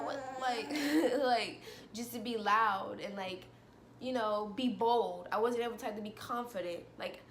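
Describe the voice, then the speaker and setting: A woman's voice: a little high, a bit bright, roomy sound, slight background noise. A young woman vlogging about her own experiences, hesitant and full of fillers and restarts. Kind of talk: personal confessional talk to camera.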